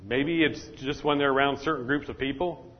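A man's voice: medium pitch, fairly even intonation, fairly quick. Man preaching in an echoey hall. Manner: repetitive, call-and-response preaching. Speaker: pastor. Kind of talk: sermon. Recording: dull, echoey hall sound.

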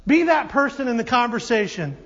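Male pastor, very high voice, animated joking sermon; dull recording in a reverberant church. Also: a little fast. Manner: animated, joking storyteller with restarts. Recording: dull audio with long hall reverb.

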